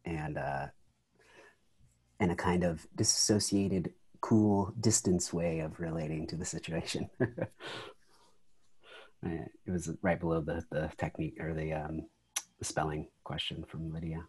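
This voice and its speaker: A man co-hosting a meditation session over a video call, relaxed and chatty. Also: rumbling low, unhurried, pauses often, slightly rough. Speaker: meditation teacher.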